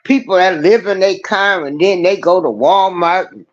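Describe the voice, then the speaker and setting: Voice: medium pitch, moderate pace. A person chiming in with short remarks during a casual chat. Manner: short interjections and comments. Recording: dull lo-fi sound.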